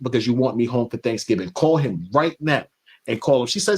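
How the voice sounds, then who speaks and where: A man's voice: mid-range voice, normal speed, slightly rough. Casual storyteller, New man, mid-range voice, acts out dialogue. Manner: animated anecdote-telling, acting out dialogue. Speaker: interview guest.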